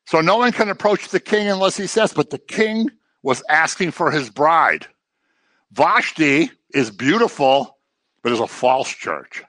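A man preaching a sermon in a conversational way, with joking asides and animated delivery. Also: on the high side, unhurried, dry recording.

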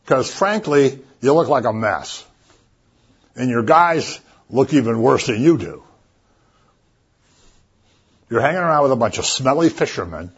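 Man, casual sermon, husky voice, conversational storytelling, dull lo-fi sound. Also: mid-range voice. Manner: conversational, animated storytelling with asides. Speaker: preacher.

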